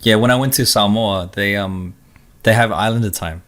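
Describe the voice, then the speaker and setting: A man co-hosting a casual podcast, sharing anecdotes and ideas in a reflective, unhurried way. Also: on the low side, a bit bright. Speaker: podcast co-host.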